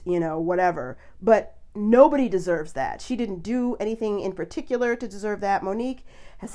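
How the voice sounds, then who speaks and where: Woman host, chatty storyteller, mid-pitched voice, casual and easygoing. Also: darkish tone. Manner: chatty storyteller, laughs often. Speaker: podcast host. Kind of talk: casual chat.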